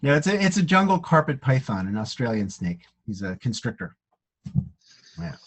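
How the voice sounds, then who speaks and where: A man hosting a casual chat, talking in a reflective, halting way with many restarts. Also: medium pitch, very animated. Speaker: host.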